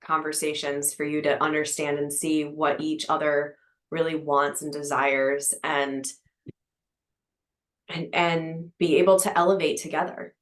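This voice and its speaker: A woman co-hosting a casual podcast, who speaks in a soft, affirming, reflective way. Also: low voice, level tone, a little slow.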